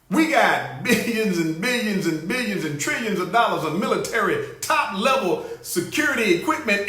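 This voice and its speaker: Animated, bright-voiced male show host. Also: high-pitched. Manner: animated, laughing, greets viewers by name. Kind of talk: comic live commentary. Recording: roomy echo.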